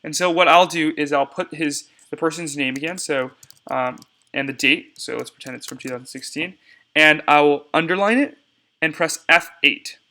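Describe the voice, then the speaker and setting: Bright-voiced young man explaining software. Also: fairly high pitch, moderate pace. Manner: casual explanatory, addresses viewers as y'all. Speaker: debate tutorial instructor. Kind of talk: software screencast tutorial.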